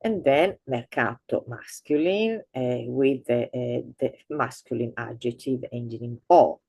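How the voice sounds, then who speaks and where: A woman teaching an online language lesson, explaining slowly with many fillers and restarts, and exaggerating intonation for learners. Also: a bass voice, darkish tone, breathy edge, dry recording.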